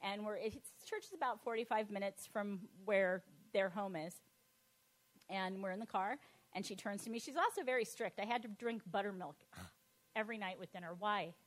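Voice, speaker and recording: A middle-aged woman with a medium-pitched voice tells her personal testimony in a lively, animated way. She laughs often and acts out the voices of the people she quotes.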